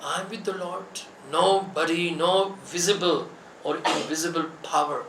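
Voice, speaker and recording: A man giving a slow, reflective devotional talk with dramatic pauses. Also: a little high, fairly bright tone, a little hiss or hum. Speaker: spiritual speaker. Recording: echoey room, voice from far off.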